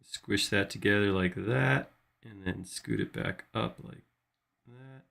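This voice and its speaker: A man's voice: lowish voice, slow, creaky, fairly bright tone. A man hosting a live 3D modeling tutorial, casually thinking aloud as he works. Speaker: host modeling in 3D software.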